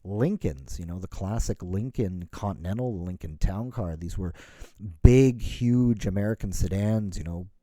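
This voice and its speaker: A man's voice: deep voice, a little slow, mellow, no echo. A middle-aged man from Canada in a casual solo talk, rambling and correcting himself, with many "you know"s. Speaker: podcast host.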